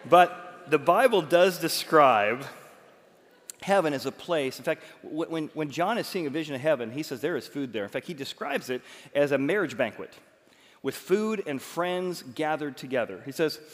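A male pastor delivering a lively sermon, joking with the crowd in quick asides. His voice sits a little high for a man. A long reverb trails every phrase, as in a big hall.

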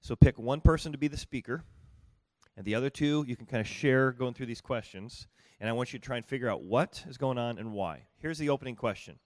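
Male workshop leader, conversational, repeats and restarts himself a lot, dry close sound, mid-pitched voice. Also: fairly quick, no room sound. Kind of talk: live group teaching. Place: room with small groups at tables.

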